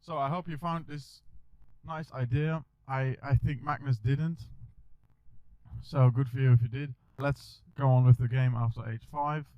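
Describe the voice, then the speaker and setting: Male chess coach, middle pitch, narrating a lesson over a dull, dry mic. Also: fairly even intonation, measured pace, dry recording. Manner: talks through moves with small restarts.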